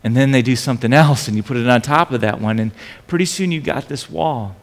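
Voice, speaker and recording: Gravelly middle-aged pastor preaching in a hall. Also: male voice, medium pitch, brisk. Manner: animated storytelling with frequent restarts. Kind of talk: sermon.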